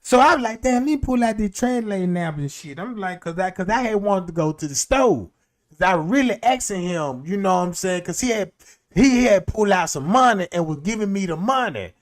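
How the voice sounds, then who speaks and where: Man streamer, high voice, casual profane storytelling, loose and rambling. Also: lively intonation, brisk. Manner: rambling, profane, laughs often.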